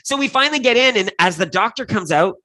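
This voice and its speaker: Animated man telling a story, bright voice. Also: quick pace, no room sound, rough recording. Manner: animated storyteller, acts out quotes with big pitch jumps. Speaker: co-host. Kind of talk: casual chat.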